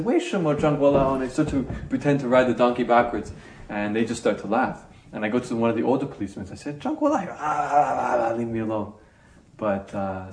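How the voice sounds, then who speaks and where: Animated man telling a story in an echoey room. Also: medium pitch, a little hiss or hum. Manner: animated storyteller, acts out scenes. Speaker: interviewee. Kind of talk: telling a personal story in an interview.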